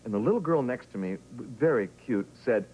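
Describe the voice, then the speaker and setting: A man's voice: medium pitch, animated, brisk. A man in his forties from Massachusetts, a guest on a late-night talk show, telling self-deprecating stories in a joking way. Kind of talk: chatty talk show anecdotes. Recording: dull old TV broadcast, faint hiss.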